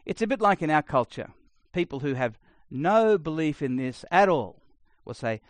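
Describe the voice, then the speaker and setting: A middle-aged man preaching a sermon, blunt and conversational, swinging between loud emphasis and quiet asides. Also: on the high side, lively intonation, normal speed, few pauses, no echo. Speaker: pastor.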